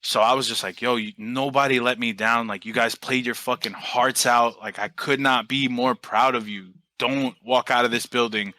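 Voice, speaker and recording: A young man, a podcast guest and team coach telling stories in a relaxed, animated way with casual swearing. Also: mid-range voice, normal speed, few pauses, no echo, low-quality recording. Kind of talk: casual interview storytelling.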